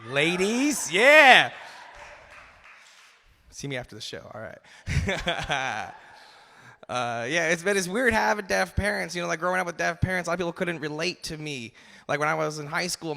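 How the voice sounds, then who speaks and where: A man in his twenties doing a loose, swearing stand-up set on a comedy club stage, shouting in the bits. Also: on the high side, fairly quick, creaky. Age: 20s. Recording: live stage mic in long hall reverb.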